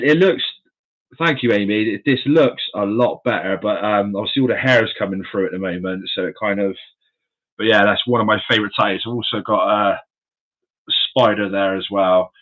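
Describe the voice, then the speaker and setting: A man's voice: lowish voice, fairly bright tone. Friendly man, dull lo-fi stream. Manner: chatty and friendly, addresses viewers as mate and buddy. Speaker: live-stream host. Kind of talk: casual live-stream chat. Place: indoors in his room of animal enclosures.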